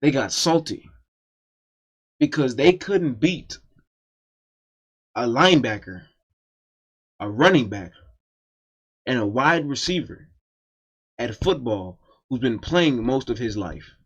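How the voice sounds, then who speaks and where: A man's voice: medium pitch, expressive, takes it slowly, long pauses, fairly bright tone, breathy edge. A man telling a personal story in a casual, profane and emphatic storytime monologue.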